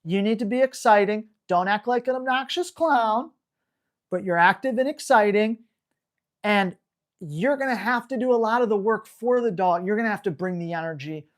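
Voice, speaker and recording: A woman dog trainer answering viewer questions in a live Q&A, in an energetic, emphatic, casual coaching manner. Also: mid-range voice, moderate pace.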